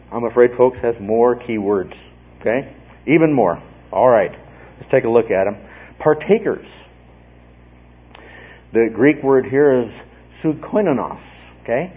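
A man's voice: mid-range voice, slightly rough. A man giving a Bible study lecture, explaining patiently and checking in often with his listeners. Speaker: Bible teacher. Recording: phone-like narrow band.

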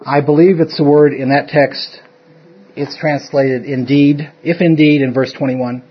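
A man's voice: fairly high pitch, fairly even intonation, measured pace, breathy edge. A man teaching an informal Bible study, rambling and correcting himself as he goes, with an occasional chuckle. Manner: rambling, self-interrupting, chuckles often. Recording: dull lo-fi room recording.

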